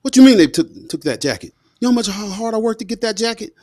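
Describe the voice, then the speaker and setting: A man's voice: high voice, lively intonation, fast, pitched above the performer's own voice. A man doing his stern, outraged mama. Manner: sharp, demanding. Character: stern scolding mother, middle-aged woman.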